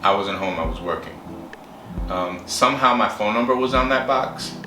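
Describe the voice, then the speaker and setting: Candid man with a low voice. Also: lively intonation, bright, forceful tone, slight background noise. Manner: candid, halting, with many fillers and acted quotes. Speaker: interviewee sharing his story. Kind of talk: personal storytelling. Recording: roomy distant mic with music behind.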